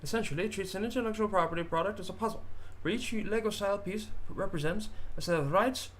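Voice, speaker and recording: A man's voice: sits high, fast talker, fairly bright tone, a little hiss or hum, voice pushed up. A man putting on a 1930s transatlantic announcer voice with a put-on old transatlantic accent, declaiming grandly. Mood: grandiose.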